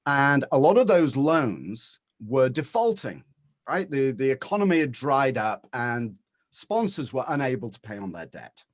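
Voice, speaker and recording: An English man speaking as a guest on an online webinar. He tells his story in a lively, chatty way, with a pitch that rises and falls a lot. The sound is dry and close, as from a video call. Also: a little slow, no echo.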